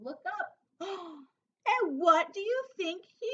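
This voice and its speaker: A woman teacher reading a picture book aloud to children, pausing to ask them questions and prompt them to act along. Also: very high voice, animated, sharp tone, muffled recording. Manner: interactive, asks children questions. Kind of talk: storybook read-aloud for children.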